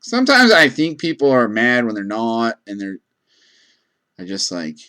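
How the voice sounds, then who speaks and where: A man's voice: mid-range voice, wildly swooping pitch, a little slow, bright, forceful tone. A man working as a gas station clerk, telling rambling casual stories with lots of fillers. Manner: rambling, many fillers and restarts. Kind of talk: casual storytelling.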